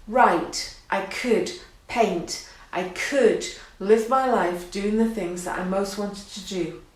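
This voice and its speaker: Earnest woman in a very echoey room. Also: medium pitch. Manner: reflective, earnest, laughing and emotional at times. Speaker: art course host. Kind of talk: personal talk to camera.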